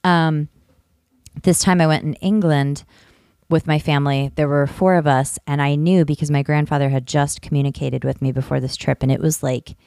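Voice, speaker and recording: A woman casually telling a long personal story on a podcast, rambling and animated, swearing freely. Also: sits low, moderate pace, dry recording, studio quality.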